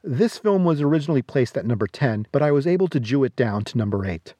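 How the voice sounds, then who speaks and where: A man's voice: mid-range voice, very animated, quick pace, warm tone. A man reading a scripted horror film countdown review with a wry, sardonic delivery.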